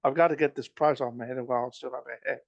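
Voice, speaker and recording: A man voicing a cocky, gruff smuggler who teases and scolds in a storybook reading. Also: medium pitch, steady tone, fast talker, muffled recording, lightly acted. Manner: gruff, stern, teasing. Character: cocky roguish male smuggler, gruff and teasing.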